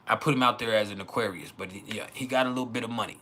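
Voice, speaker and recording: A man chats casually on an astrology livestream, joking, swearing and laughing often. His low voice has a forceful edge, with a faint hiss of background noise behind him. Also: very fast.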